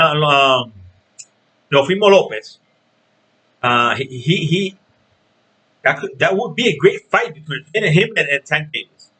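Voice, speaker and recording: A man's voice: a little high, pushed and bright, rough recording. Emphatic man hosting a boxing vlog. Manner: emphatic, repeats phrases and asks "okay?". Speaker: boxing channel host. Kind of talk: casual vlog commentary.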